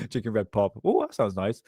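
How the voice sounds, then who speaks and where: A man's voice: on the low side, mellow, breathy edge, no echo, studio quality. A man hosting a live stream from his desk, casually chatting, joking, rambling and laughing often.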